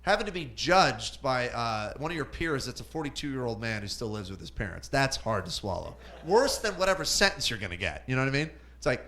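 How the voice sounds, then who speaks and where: A man's voice: mid-range voice, big pitch swings, brisk, hardly any pauses, pushed and bright. A man in his forties from Southern California doing open-mic stand-up in a comedy club, rambling with self-deprecating asides. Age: 40s. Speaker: stand-up comic.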